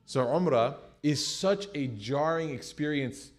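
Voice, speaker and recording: A man's voice: fairly high pitch, measured pace. An American man teaching a class, talking casually and retelling stories with jokes. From United States. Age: young adult. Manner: conversational, joking, animated retelling. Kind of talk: class lecture with storytelling.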